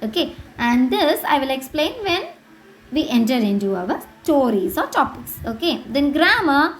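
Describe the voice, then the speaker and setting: A woman's voice: high-pitched, sing-song. A woman teacher with an Indian English accent, giving an English lesson to children. She repeats words and spells them out. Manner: slow, repetitive, spells out words.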